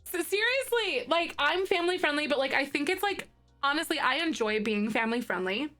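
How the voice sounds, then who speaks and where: Giggly bright-voiced woman streamer. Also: high-pitched, expressive, brisk, soft background music. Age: 30s. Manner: giggly, chatty, laughs often. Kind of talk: casual live-stream chat with viewers.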